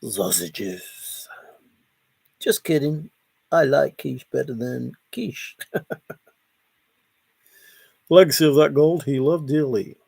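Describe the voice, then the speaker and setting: A man with a gravelly, husky voice hosts a relaxed late-night livestream. He reads his viewers' comments out loud and answers them in a playful, unhurried way. The sound is close and dry. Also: on the high side, dry recording. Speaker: livestream host.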